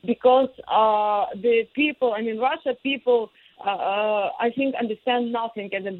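A woman with a Ukrainian accent, a guest on a remote interview, speaking with passion, halting with many fillers and restarts. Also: on the high side, no echo. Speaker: guest, singer and former lawmaker. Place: in Kyiv, remote. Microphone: phone line. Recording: tinny dry phone line.

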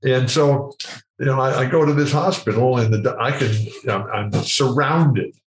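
An older man telling a story as an interview guest, animated and acting out the people in it. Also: mid-range voice, normal speed, soft background music. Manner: animated, acts out the people in his stories. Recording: roomy echo.

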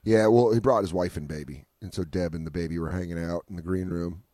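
Low-voiced man telling crude road stories. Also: no echo, studio quality. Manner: crude and animated, acting out people in quick voices. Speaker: comedy podcast co-host. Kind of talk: casual chat, telling profane stand-up road stories. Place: radio studio.

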